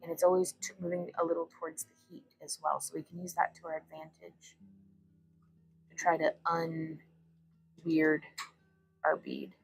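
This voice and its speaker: A woman's voice: deep voice, level tone, normal speed, vocal fry, long pauses, soft background music, poor audio. A young woman hosting a casual glass bead livestream from her home workbench, chatting and rambling as she greets viewers. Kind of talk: casual craft demonstration livestream.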